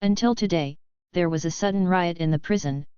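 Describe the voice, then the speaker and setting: A man's voice: sits high, a little fast, darkish tone, clean tone, dry recording, natural voice. A woman voicing a nervous, fawning young crook who grovels and swears, in a dull lo-fi audiobook recording. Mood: flustered.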